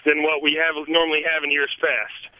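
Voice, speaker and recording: A man calling in by phone from a haunted attraction outdoors, his voice high and squeezed through a tinny phone line. He rambles with plenty of fillers and laughs between stories. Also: level tone, moderate pace, smooth. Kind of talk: casual phone call to a radio show. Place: outdoors at a haunted trail in the woods.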